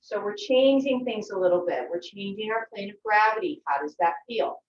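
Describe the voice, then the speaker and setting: Woman yoga teacher, calm guiding voice, distant roomy dull video-call sound. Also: mid-range voice, moderate pace, slight background noise. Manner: gentle, encouraging instructions. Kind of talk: guided yoga class. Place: her home.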